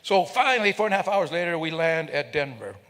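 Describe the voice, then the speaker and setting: A man's voice: on the high side, lively intonation, fast talker, a bit bright. An older man telling a funny story to a live audience, joking and teasing people in the crowd. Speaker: speaker at a celebration. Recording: reverberant hall.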